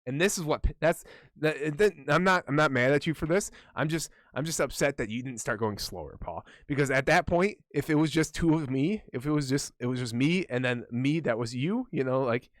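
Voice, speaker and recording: A man's voice: a little high, lively intonation, brisk, no echo, clean studio sound. A man co-hosting a podcast in casual chat, ranting heatedly and swearing a lot. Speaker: podcast co-host.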